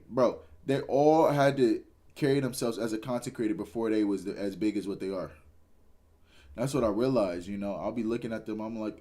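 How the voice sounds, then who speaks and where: A man's voice: on the low side, mellow. A tired young man, a streamer giving a rambling, earnest motivational talk and swearing casually. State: tired, yawning.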